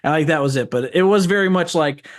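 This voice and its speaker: Podcast guest, male, slightly high voice, rambling and profane, voice jumps for quotes. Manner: rambling storyteller, profane, quick voice jumps when quoting himself. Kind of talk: casual chat.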